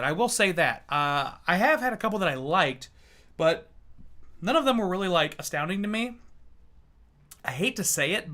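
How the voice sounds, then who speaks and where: A man with a fairly high, bright, forward voice, talking loosely through a whiskey tasting on a livestream. He jokes, curses casually and chats back to viewers between sips. His tone is relaxed and unscripted. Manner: loose, joking, swears freely. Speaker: whiskey reviewer and streamer.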